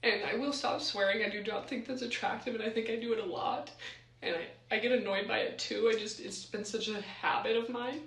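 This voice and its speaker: A crying woman with a high voice talks through her feelings in a self-questioning, emotional way. She sounds a little distant from the mic, and the room rings with echo. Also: steady tone, brisk, creaky, a bit bright. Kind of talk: tearful confessional video.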